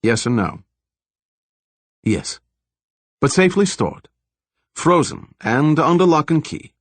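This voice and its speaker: A man voicing a calm, lecturing laboratory scientist with a slight foreign accent, explaining things patiently in an audiobook. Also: fairly high pitch, no room sound, voice pushed up, exaggerated voice. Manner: measured, explanatory, politely evasive. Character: middle-aged male lab director, soft-spoken, lecturing, with a slight foreign accent.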